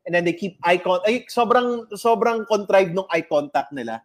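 A man's voice: high-pitched, normal speed. A man with a Filipino accent hosting a casual comedy chat, switching between Tagalog and English and slipping into playful impressions.

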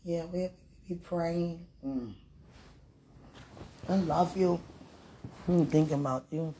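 A woman's voice: fairly low pitch, slow, warm tone, a little hiss or hum. Woman, casual monologue, laughing often, repeats herself, mixes chat and prayer. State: heartburn, hungry.

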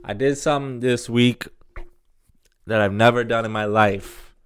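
A man's voice: mid-range voice, measured pace, smooth. A man hosting a solo podcast alone in a room, rambling in a casual, profane, self-deprecating way.

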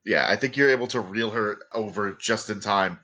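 A man with a bright, forceful voice runs a tabletop game as its game master. He narrates the scene in a relaxed, conversational way and laughs often. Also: lowish voice, normal speed. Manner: laughs often, acts out characters.

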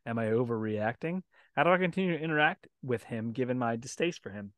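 A man co-hosting a podcast, telling crude jokes and reading listener letters with loud laughter and free swearing. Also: medium pitch, lively intonation, fast talker, dry recording. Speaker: podcast co-host. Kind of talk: crude casual podcast banter.

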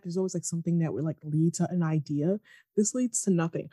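Woman, podcast co-host, casual and sarcastic, quick to quote characters; dry, close recording. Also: fairly low pitch, breathy edge, no echo. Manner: animated, mocking, quick quoting of characters. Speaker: podcast co-host recapping a TV episode. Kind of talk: casual chat.

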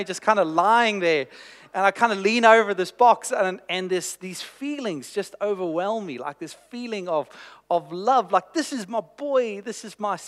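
A man's voice: sits high, a bit bright, long reverb tail. A man preaching a sermon, telling a personal story with self-deprecating humor.

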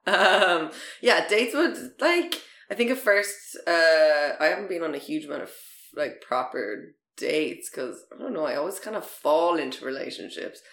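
Laughing Irish woman, lively voice. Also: low voice, moderate pace, echoey room. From Ireland. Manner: laughs often, swears freely. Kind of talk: casual chat.

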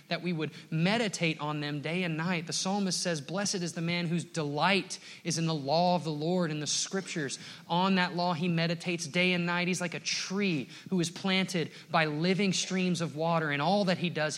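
Young male pastor, a touch high-voiced, earnest sermon delivery with casual asides. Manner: earnest preaching, swells loud on exhortations, says "man" as filler.

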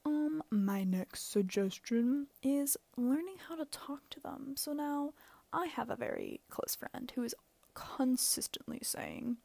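A woman's voice: high voice, wildly swooping pitch, a little slow, gravelly, darkish tone, no echo. A young woman hosting a casual solo advice podcast, rambling and self-mocking, with lots of "like" and frequent laughter. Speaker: podcast host.

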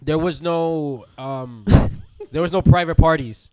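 A man's voice: on the high side, slow pace, darkish tone. A young man, trading slangy, profane jokes in casual banter as a co-host.

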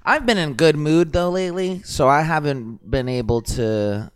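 A man's voice: on the high side, moderate pace, smooth. A man, co-hosting a casual podcast in a laid-back, joking way. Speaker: podcast co-host. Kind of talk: casual chat.

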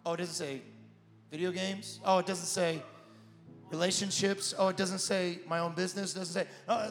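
A man preaching a sermon as pastor, animated, with repeated phrases that build to shouts. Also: high-pitched, moderate pace. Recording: echoey hall with music.

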